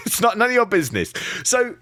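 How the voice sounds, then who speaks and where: Animated man, laughing as he talks. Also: very high voice, normal speed. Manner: animated, laughs often, acts out quotes. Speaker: podcast co-host. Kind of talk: casual comedic review chat.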